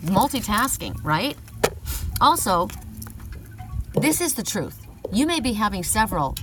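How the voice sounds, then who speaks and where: A woman's voice: medium pitch, far from the mic, low-quality recording. A middle-aged woman giving a casual oracle card reading, chatty, often laughing, whooping and swearing.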